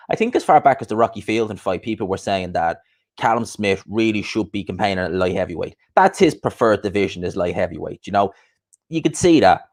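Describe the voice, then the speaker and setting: A young man hosting a casual boxing livestream, chatting loosely and giving repeated shout-outs to viewers. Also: lowish voice. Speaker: boxing podcast host.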